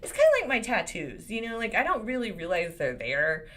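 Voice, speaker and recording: Animated woman lawyer in her forties. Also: mid-range voice, brisk. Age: 40s. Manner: animated and expressive, swinging between serious points and laughter. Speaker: lawyer and channel host. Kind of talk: casual commentary to camera.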